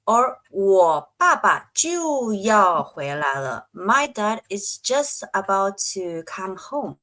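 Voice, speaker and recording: A woman's voice: medium pitch, very animated, slow pace, fairly bright tone, low-quality recording. A woman co-hosting a Chinese grammar lesson, explaining carefully and giving examples. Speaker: Chinese teacher.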